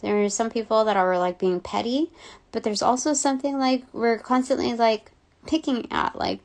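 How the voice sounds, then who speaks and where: A woman's voice: on the high side, fairly even intonation, normal speed, a little mellow. A woman giving a casual intuitive reading, rambling with many fillers and giggles. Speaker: spiritual reader.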